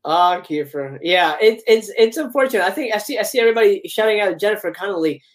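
A woman's voice: medium pitch, expressive, quick pace. A woman guest on a casual movie talk stream who speaks bluntly and swears freely.

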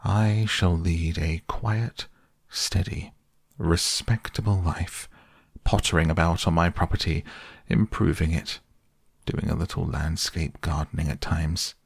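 A man's voice: sits low, steady tone, a little slow, vocal fry, breathy edge, dry recording, studio quality, heavily acted. A man doing a humbled boastful old toad. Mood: contrite.

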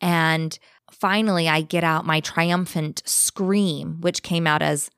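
Woman, slightly low voice, dry close mic, animated spooky storyteller in casual chat. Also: clean tone, dry recording. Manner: animated, vivid, speeds up and slows down for effect. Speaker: guest telling a ghost story.

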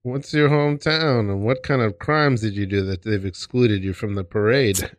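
A man's voice: lowish voice, moderate pace, no echo. Joking, punning male podcast host. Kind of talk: casual podcast chat. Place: radio studio.

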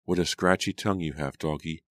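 A man reading an audiobook, voicing a gentle, earnest young woman in a soft voice close to his own. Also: rumbling low, fairly even intonation, fairly quick, dry recording. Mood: playful. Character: gentle young woman, dog-loving sister.

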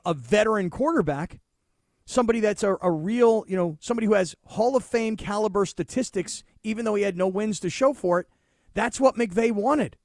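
A man co-hosting a sports talk show, making his points in a deliberate, thoughtful way with halting restarts. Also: high voice, a little mellow, no echo, studio quality.

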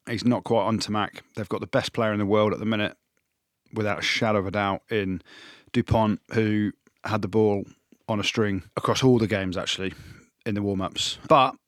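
Man, low voice, excitable rugby pundit, dry close mic. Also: no room sound. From Wales. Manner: excitable, jumps up in pitch when joking. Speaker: podcast co-host, pundit. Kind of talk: casual sports chat.

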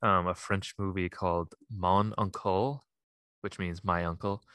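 A man's voice: low voice, fairly even intonation, a little slow, a bit bright, smooth, no room sound. A man co-hosting a podcast, chatting casually about movies, rambling with fillers and laughing often. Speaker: podcast co-host. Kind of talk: casual chat.

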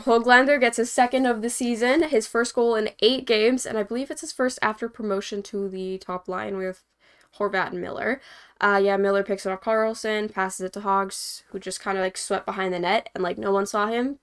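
Medium in pitch with a fairly bright tone, a young woman hosts a hockey post-game podcast. Her talk is casual and meandering, full of fillers, with little chuckles between points.

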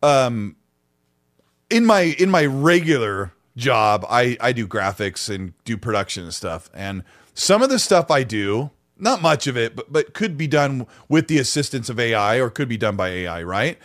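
A man co-hosting a casual podcast, telling stories in an animated, rambling way with many restarts. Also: medium pitch, normal speed. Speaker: podcast co-host.

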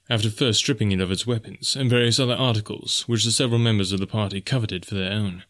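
A male audiobook narrator telling an adventure story. His voice sits low, and he keeps a measured, even storytelling pace.

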